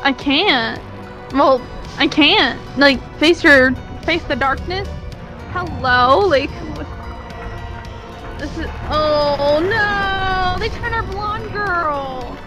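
A woman giving casual, excitable commentary as she plays through a game, outspoken and swearing when annoyed. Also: high-pitched, very slow. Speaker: gaming channel host. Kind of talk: live gameplay commentary. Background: loud game music.

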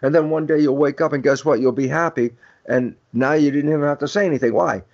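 A man's voice: on the high side, fast talker, darkish tone. An older man, a guest expert on a podcast, explaining his ideas in an emphatic lecturing way and acting out quoted dialogue. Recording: dull lo-fi audio.

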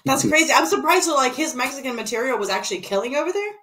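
A woman's voice: high-pitched, lively intonation, quick pace, sharp tone. A woman co-hosting a podcast, chiming in with short, curious reactions and follow-up questions. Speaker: podcast co-host. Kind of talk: casual podcast chat. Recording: noisy podcast audio.

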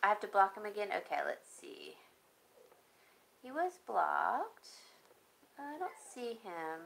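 A woman's mid-range voice swings widely in pitch, with a creaky, slightly bright quality. She's showing jewelry on a live stream, chatting at an easy pace and talking to herself as she fiddles with her phone. The recording is rough, with slight background noise.

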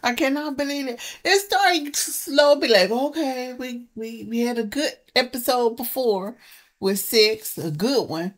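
A woman hosting a reaction video, talking casually with loud emphatic exclamations. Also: fairly high pitch, unhurried.

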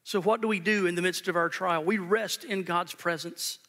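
With a high, sharp voice and fairly even intonation, a male pastor preaches at a moderate pace. His earnest, emphatic sermon repeats phrases for weight, recorded live in a church sanctuary where the reverb hangs long.

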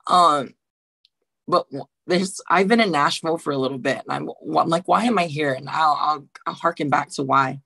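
A woman from Guam who works in theatre, a guest in a casual panel chat over a video call, speaking in an emotional, animated way. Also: low voice, normal speed, gravelly, breathy edge, no room sound. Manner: emotional, animated, says "right" often.

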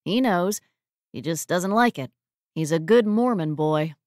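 A woman's voice: fairly low pitch, lively intonation, measured pace, a little mellow, no echo, studio quality. A woman voicing a dramatic, emotional young man who is head over heels in love. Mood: exasperated.

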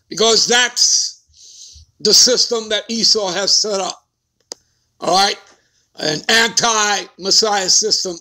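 High, bright-voiced emphatic man preaching. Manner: emphatic, keeps asking "all right?" and "okay?". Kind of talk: scripture teaching sermon.

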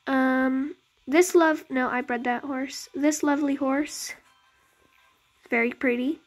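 A young woman casually commenting on her game as its channel host, chatty and rambling, often correcting herself. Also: high voice. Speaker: gaming YouTuber. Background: game music.

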